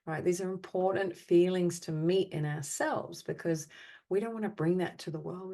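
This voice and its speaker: Low-voiced woman guiding a meditation. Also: gravelly, darkish tone. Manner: slow, soothing repeated phrases. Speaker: spiritual healer leading a group call. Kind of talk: guided clearing meditation. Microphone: video call.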